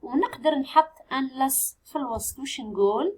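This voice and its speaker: Woman, Algerian accent, high voice, English teacher, patient exam review, slow spelled-out answers. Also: expressive, poor audio. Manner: spells and counts out answers slowly for students. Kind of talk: exam review lesson, code-switching with Arabic.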